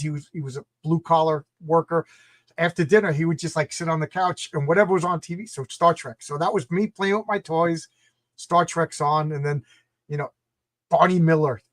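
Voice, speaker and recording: A middle-aged man from New York reminisces and jokes as a guest in a casual chat, often stumbling over his first words. His voice sits high, and it is recorded close and dry. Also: brisk, no room sound. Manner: reminiscing, joking, repeats words when starting.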